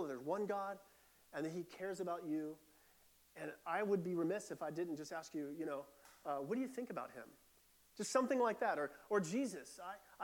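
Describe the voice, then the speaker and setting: Earnest and conversational, this middle-aged preacher speaks in a high voice, frequently breaking off and beginning his sentences again.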